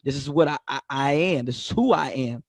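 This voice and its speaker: A man's voice: mid-range voice, a little fast, no echo. Male talk-show host, dry and close. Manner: rambling, restarts, emphatic. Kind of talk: conversational interview.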